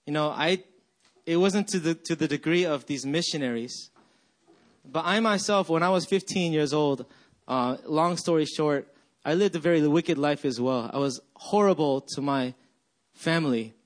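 A man preaching a sermon, telling his own story and slowing down to stress key words. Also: fairly high pitch. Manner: personal testimony, slow emphatic repetitions. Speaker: pastor.

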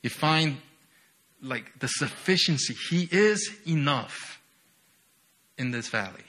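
A young man preaching a sermon with lots of energy, often asking "right?" and swinging from loud bursts to quiet, low lines. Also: animated, slow.

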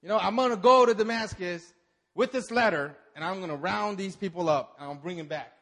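A man's voice: high voice, brisk, fairly bright tone, long reverb tail. A man preaching who acts out a zealous, angry male Pharisee who is blustering and fired up.

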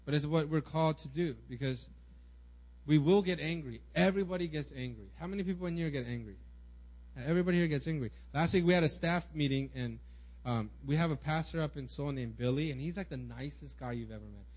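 A man's voice: on the high side, brisk, a little mellow, muffled recording. A young man preaching a sermon in a church, casual and conversational, peppering his points with "like" and "right?". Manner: casual, filler-heavy preaching with many "right?" and "like". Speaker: pastor.

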